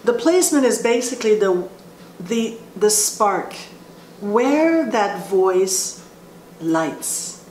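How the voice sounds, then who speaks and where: Explaining vocal placement, a female voice teacher speaks slowly and haltingly, often starting her sentences over, and mixes in sung demonstrations. Her mid-range voice is expressive with a darkish tone. The room is echoey, with faint ambient noise.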